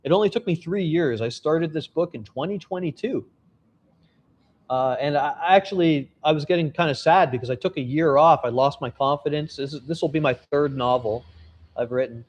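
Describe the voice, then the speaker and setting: A man's voice: a little high, normal speed, darkish tone. A man, a travel vlogger and novelist, talking candidly and casually to his viewers, telling stories and swearing now and then. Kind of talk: casual vlog update and storytelling.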